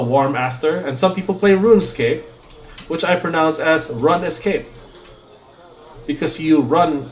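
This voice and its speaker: A man hosting a game playthrough, rambling and joking with his chat. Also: on the high side. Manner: rambling, joking, chatting with viewers. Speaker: let's play host. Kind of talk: casual gameplay commentary.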